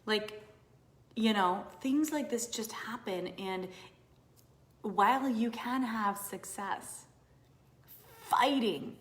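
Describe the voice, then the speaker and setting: Woman business coach on a live stream, animated, swings from whispers to loud exclamations, roomy echo. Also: fairly high pitch, slow pace, pauses often. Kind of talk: casual live stream talk to viewers.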